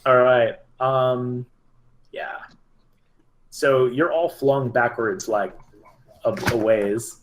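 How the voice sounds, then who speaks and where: A man's voice: mid-range voice, steady tone, very slow, pauses often. A man running a tabletop game as game master, narrating loosely with lots of fillers. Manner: loose, laughing, with many fillers.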